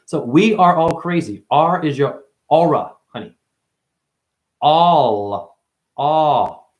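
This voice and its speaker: A man hosts a livestream and delivers a meandering spiritual sermon, swearing freely. His voice sits at an ordinary male pitch but keeps jumping into sudden high, loud exclamations. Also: expressive, takes it slowly, pauses often. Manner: profane, rambling, preachy. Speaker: livestream host. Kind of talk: rambling spiritual livestream monologue.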